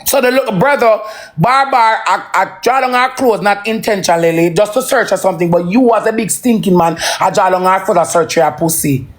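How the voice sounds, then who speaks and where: A parent with a Jamaican accent in an emotional, profane ranting monologue that swings between slow brooding and heated outbursts. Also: medium pitch. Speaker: social media livestreamer.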